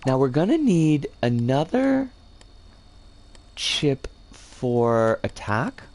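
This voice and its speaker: A game streamer rambles through a relaxed live session, pitch swooping up and down, talking to chat as they build. The pace stays unhurried, with frequent restarts and corrections mid-sentence. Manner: rambling, chats with viewers and reads chat aloud; self-correcting, trips over words.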